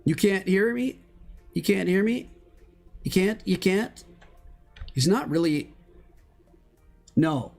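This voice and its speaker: A game streamer talking live over gameplay, drawling along at an unhurried pace with slangy, excitable chatter. Sudden high shouts and exclamations break through the talk. Faint music plays quietly behind the voice. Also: creaky. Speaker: Minecraft streamer.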